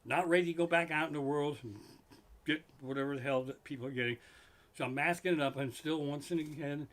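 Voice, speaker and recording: Broadcasting live from his living room with a mic in front of him, a middle-aged stand-up launches into a profane, exasperated rant. His delivery is brisk, and his voice runs a little high with a fairly bright tone.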